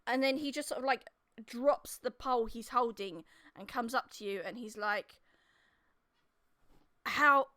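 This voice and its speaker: A woman's voice: fairly high pitch, normal speed, fairly bright tone. A woman running a tabletop game as dungeon master, narrating scenes in a casual storytelling way and voicing the people in them.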